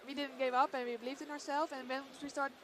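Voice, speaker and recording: A woman student esports player giving a quiet, reflective post-match interview. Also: sits high, flat delivery, fast.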